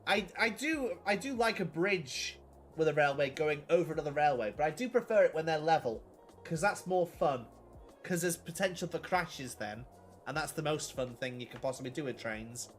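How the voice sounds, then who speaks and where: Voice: medium pitch, lively intonation, normal speed. A Welsh gaming host giving playful let's play commentary, swinging from mumbled asides to squealing outbursts. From Wales. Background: game music.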